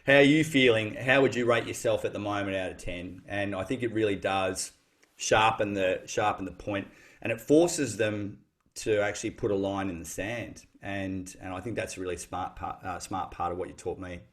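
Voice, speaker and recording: A man's voice: lowish voice, steady tone, normal speed. A man, a guest on a casual podcast, talking thoughtfully with frequent restarts. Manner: thoughtful, reflective, many restarts.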